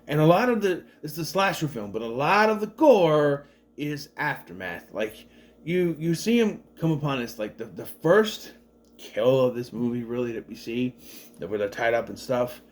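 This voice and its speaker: Animated, rambling male movie reviewer. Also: mid-range voice, normal speed. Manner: rambling, chatty, many fillers and restarts; animated, acts out the characters' lines.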